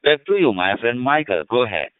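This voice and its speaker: A man's voice: medium pitch, sing-song, a little fast, smooth, no echo. A man from Indonesia sending friendly, formal greetings over ham radio. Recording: tinny radio transmission, dry.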